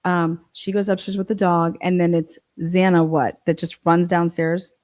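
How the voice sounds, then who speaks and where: A woman's voice: fairly low pitch, flat delivery, normal speed, darkish tone. A woman giving blunt, profane, incredulous commentary on a true crime livestream.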